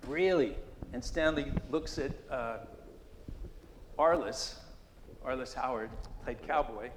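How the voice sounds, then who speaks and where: A man in his sixties telling a lively anecdote to an audience at a gallery talk, acting out the quotes and laughing often. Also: a little high. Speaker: guest speaker. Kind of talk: live anecdote before an audience. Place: gallery exhibition talk, hall before an audience. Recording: echoey hall, noisy room.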